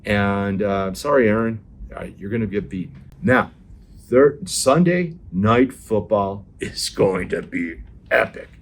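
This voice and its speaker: A man hosting a sports show, giving excitable football game predictions and talking straight to his viewers, often repeating himself. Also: lowish voice, takes it slowly. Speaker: NFL show host and analyst.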